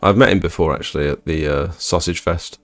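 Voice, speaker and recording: A young man hosting a live stream, reading chat and chatting in a laid-back, low-energy way. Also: fairly quick, dry recording, soft background music. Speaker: livestream host reading chat.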